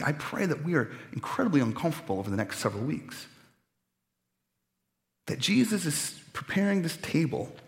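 A man in his thirties preaching a sermon in an earnest, conversational way that swells with feeling. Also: fairly high pitch. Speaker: pastor. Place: church sanctuary. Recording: long church reverb.

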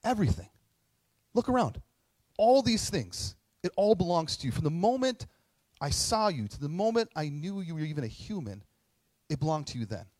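Preacher doing a gentle loving dad, quiet and warm-hearted, dry close sound. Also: male voice, a little high, big pitch swings, normal speed, no echo, voice pushed up. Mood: tender. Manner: soft, tender. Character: loving forgiving father, gentle and tender.

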